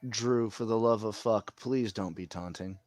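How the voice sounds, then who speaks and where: A man co-hosting a live wrestling watch-along, excitable and swearing freely. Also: lowish voice, a little slow, no echo. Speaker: podcast co-host.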